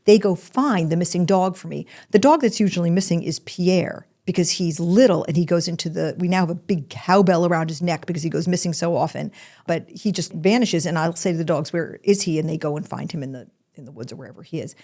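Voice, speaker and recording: A woman's voice: on the low side, brisk, mellow. An older woman hosting a podcast, telling a personal story in a candid, emotional way. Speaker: podcast host.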